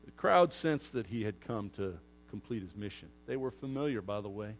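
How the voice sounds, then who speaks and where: A man preaching a sermon to his congregation in a lively way, acting out crowd voices and moving from loud outbursts to hushed asides. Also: on the low side, moderate pace, slight background noise. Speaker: pastor.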